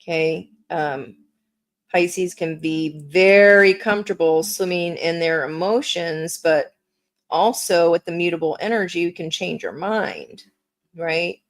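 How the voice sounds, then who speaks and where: A woman's voice: fairly low pitch, measured pace. A woman giving a live tarot reading, chatty and encouraging, with plenty of fillers. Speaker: tarot reader.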